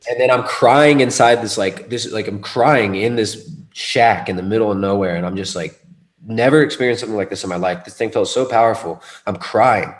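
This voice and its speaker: Low-voiced man telling a rambling story. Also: fairly quick. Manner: rambling, animated, with restarts and laughs. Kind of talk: casual conversation, personal storytelling.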